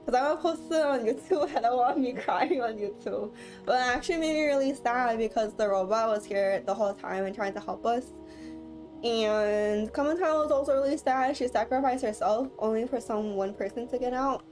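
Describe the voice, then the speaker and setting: Woman, game streamer, teary, emotional rambling, highish voice, game music behind. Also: fairly quick, darkish tone. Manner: emotional, rambling reactions to the story. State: teary after crying. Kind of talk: live game playthrough commentary.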